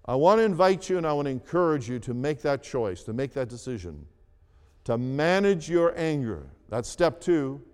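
A man preaching a sermon as a pastor, in a slow, deliberate style that repeats key phrases and rises for emphasis. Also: medium pitch, very animated, a little mellow, clean tone. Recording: long reverb of a large hall.

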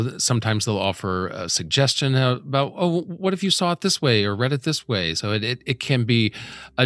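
A man's voice: lowish voice, fairly bright tone, no room sound. A man hosting a casual interview who asks questions in an easygoing way and laughs along with his guest. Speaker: interview host.

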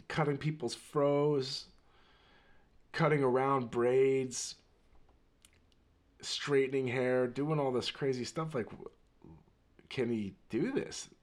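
A man hosting his own podcast, telling a story in a rambling, animated way and laughing readily. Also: medium pitch, slow pace, pauses often. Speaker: podcast host. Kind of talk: casual storytelling monologue.

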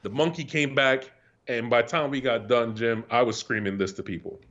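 Man, 40s, ex-athlete guest, rowdy profane storyteller, mid-pitch voice on a dull, lo-fi line. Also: brisk. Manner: animated, profane, laughs through stories. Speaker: guest, retired pro athlete. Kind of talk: casual storytelling chat. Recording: slightly dull lo-fi sound.

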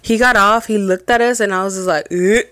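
A young woman from Mexico, a podcast co-host, telling a paranormal story in casual chat, animated and swearing often, with Spanish phrases mixed in. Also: medium pitch, fast, no room sound.

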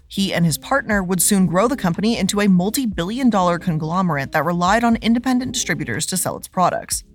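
A woman host reads her scripted narration with plenty of sarcasm and lively emphasis. Her voice sits at a middle pitch for a woman. Light music plays faintly behind her.

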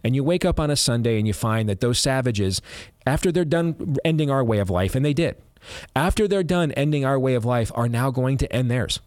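Forceful male talk radio host. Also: mid-range voice, animated, fairly quick, dry recording, clean studio sound. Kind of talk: conservative talk radio commentary.

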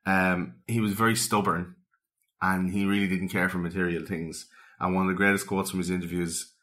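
A man with a fairly low voice chats casually as a podcast co-host. He tells stories animatedly and slips into acted-out quotes. The delivery is relaxed and conversational. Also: brisk. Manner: animated storyteller, acts out quotes. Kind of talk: casual chat.

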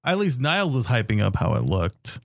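Male co-host, easygoing and low-key, mid-pitched. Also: very animated, fairly quick, creaky, dry recording, studio quality. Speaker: podcast co-host. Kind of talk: casual film podcast chat.

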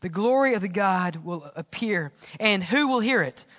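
Pastor preaching, really high bright voice, chatty, lots of questions to the crowd. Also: male voice, lively intonation, normal speed. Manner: earnest, conversational preaching with rhetorical questions. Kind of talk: sermon. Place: church sanctuary. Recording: long church reverb.

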